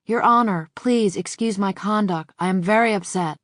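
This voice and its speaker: A woman's voice: mid-range voice, moderate pace, no echo, natural voice. Meek, pleading male witness near tears, read by a female audiobook narrator, dry sound.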